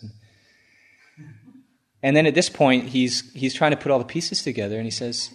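A man who is a Buddhist monk, telling a story in a halting, chuckling way with many restarts. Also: medium pitch. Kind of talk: storytelling talk.

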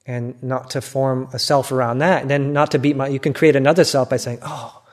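An older man with an American accent, a Buddhist monk giving a reflective, gently self-mocking dharma talk. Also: mid-range voice, little pitch movement, a little fast. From United States.

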